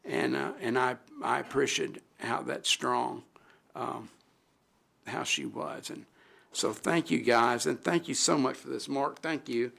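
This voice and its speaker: Middle-aged guy on a city council, gravelly voice, halting heartfelt speech with lots of restarts. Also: mid-range voice, steady tone, a bit bright. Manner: halting, heartfelt, many restarts and trailing pauses. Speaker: city alderman. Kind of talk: emotional tribute speech at a council meeting.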